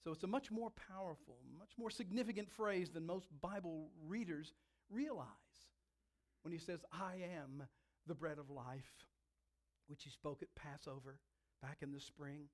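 A man preaching a sermon, telling a scene with dramatic, emphatic delivery and slowed, stressed words. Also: on the high side.

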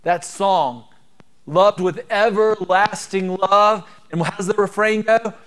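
A pastor preaching a sermon, who reads scripture quietly and slowly, then preaches with rising emphasis. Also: male voice, high voice. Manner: swings from hushed scripture reading to emphatic preaching.

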